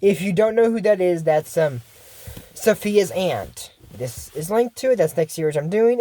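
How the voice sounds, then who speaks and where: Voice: medium pitch, lively intonation, a little slow, warm tone. A YouTuber recapping a cartoon episode in casual commentary, rambling and correcting their own slips.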